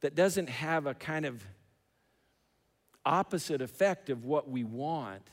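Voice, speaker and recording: A man's voice: on the high side, slow. A man preaching a sermon, telling a story with emphatic repetition, in a large church hall. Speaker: pastor. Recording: long hall reverb.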